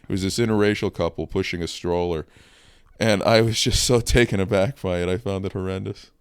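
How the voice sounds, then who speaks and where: A young man co-hosting a casual comedy podcast, delivering provocative jokes in a deadpan way. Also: deep voice, a little fast, clear, resonant tone, no room sound. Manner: deadpan, provocative shock humor with frequent laughs. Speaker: podcast co-host.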